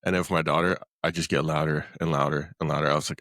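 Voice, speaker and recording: A man's voice: extremely low pitch, level tone, fast, few pauses, fairly bright tone, no echo, clean studio sound. A man hosting a podcast, talking bluntly and rambling, with frequent swearing. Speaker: podcast host. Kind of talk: casual podcast chat.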